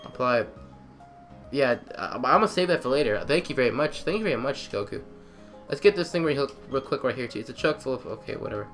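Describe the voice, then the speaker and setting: A man's voice: medium pitch, expressive, fast talker, fairly bright tone, soft background music. A young man doing casual let's-play commentary, sarcastic and crude, grumbling at the characters.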